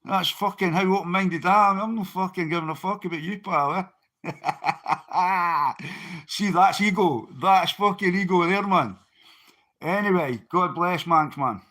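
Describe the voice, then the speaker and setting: A man's voice: high voice, a little slow, pushed and bright. Sweary Scottish man talking to chat. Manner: sweary, blunt, talks straight to chat. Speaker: livestreamer. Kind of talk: casual livestream chat.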